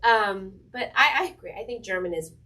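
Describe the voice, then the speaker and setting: A woman's voice: medium pitch, brisk, noisy background. A woman interviewing a fellow author, asking long, enthusiastic, rambling questions. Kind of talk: casual conversational interview. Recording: voice a bit distant from the mic.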